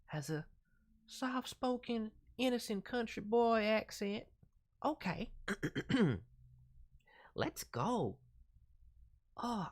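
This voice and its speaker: Chatting on a live stream in a low voice, a woman gives voice to characters from her viewers, bubbling with enthusiasm and filling gaps with stammers.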